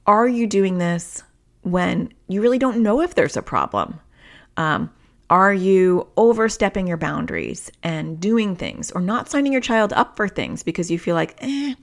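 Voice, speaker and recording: Low, gravelly-voiced woman podcast host. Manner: conversational, explains through everyday examples. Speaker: podcast host and parenting therapist. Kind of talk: casual solo podcast talk.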